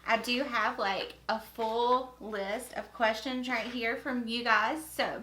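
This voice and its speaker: Bright-voiced North Carolina woman in her thirties. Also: a little high, fairly even intonation, slow pace, echoey room, a little hiss or hum. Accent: North Carolina Southern. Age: 30s. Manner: chatty, upbeat, repeats words for emphasis. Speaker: beauty vlogger. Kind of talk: casual makeup tutorial chat.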